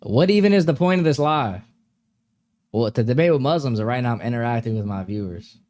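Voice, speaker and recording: A man's voice: medium pitch, lively intonation, a little fast, darkish tone. A young man hosting a live stream, chatting casually with viewers in a laid-back, slangy way and laughing often.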